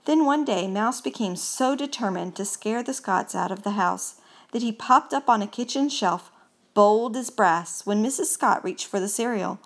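A woman reading a children's picture book aloud, expressive and unhurried. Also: mid-range voice. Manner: slow, expressive storytelling. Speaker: storybook reader.

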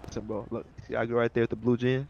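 A man in role-play chat, rapid, pushy and slangy. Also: mid-range voice, level tone, creaky, highs cut off.

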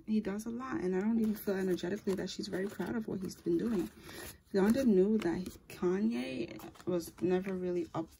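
A woman's voice: mid-range voice, a little fast, vocal fry, mellow, slight background noise. A woman giving a casual tarot reading, talking in a chatty, rambling way and often correcting herself mid-sentence. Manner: chatty and rambling, with frequent fillers and self-corrections. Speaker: tarot reader.

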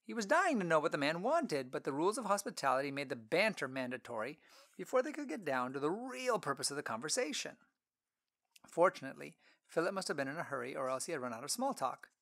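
Guy reading a storybook aloud, kinda high voice, expressive. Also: fast talker, gravelly. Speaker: audiobook narrator. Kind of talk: scripted story narration.

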